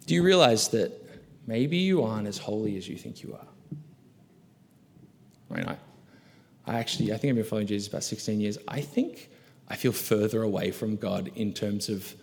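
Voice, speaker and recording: A man's voice: lowish voice, moderate pace, gravelly, long pauses. Man preaching a sermon in a reverberant hall. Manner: emphatic preaching, rhetorical questions, swings between loud stress and hushed asides. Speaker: pastor. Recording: long reverb of a large hall.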